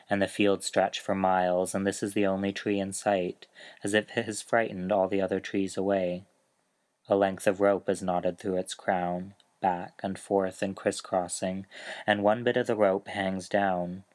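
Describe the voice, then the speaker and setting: A man with a very low, even voice reads a grim story aloud. He takes it slowly and keeps the telling measured, with little rise and fall. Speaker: author reading his story. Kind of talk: narrated story reading.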